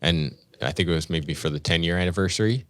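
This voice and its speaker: A man's voice: low voice, fast, no echo. A male stand-up comedian from Canada in his thirties, telling loose, swearing stories in casual podcast talk in a studio. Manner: laid-back, loose, swears freely.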